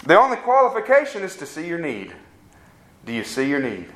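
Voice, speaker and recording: Male preacher with a fairly high voice, delivering an earnest, pleading sermon. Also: wildly swooping pitch, fairly quick, fairly bright tone. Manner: pleading, earnest appeals with rising questions.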